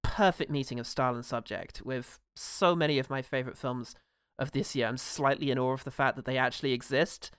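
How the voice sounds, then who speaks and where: A man's voice: mid-range voice, fairly even intonation, fairly quick, hardly any pauses, smooth, no echo, studio quality. A man co-hosting a podcast, chatting casually and enthusiastically about a favourite film and swearing freely. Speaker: podcast co-host. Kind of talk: casual film review chat.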